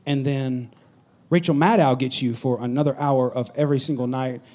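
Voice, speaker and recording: A pastor preaching a sermon, swinging from loud urgent bursts to low confiding asides. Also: male voice, steady tone, normal speed.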